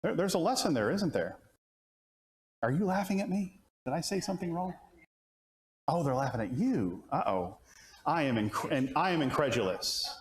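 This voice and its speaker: A man's voice: a little high, animated, normal speed, long pauses. A man preaching a conversational Bible lesson to a class, asking questions and restarting his sentences. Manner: asks the audience questions, many restarts. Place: church classroom. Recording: roomy church room sound.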